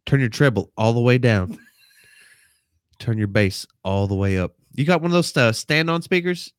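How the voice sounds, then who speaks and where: A man's voice: medium pitch, animated, moderate pace, dry recording, clean studio sound. A man co-hosting a casual, crude podcast, telling rowdy stories and acting out what other people said. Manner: rowdy storyteller, acts out others' lines. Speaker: podcast co-host.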